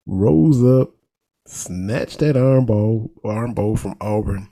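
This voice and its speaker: Man, Eastern Kentucky accent, folksy sports talk host, gravelly, mellow dark tone. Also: lowish voice, takes it slowly. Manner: folksy, animated, laughs at his own jokes. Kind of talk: casual sports commentary.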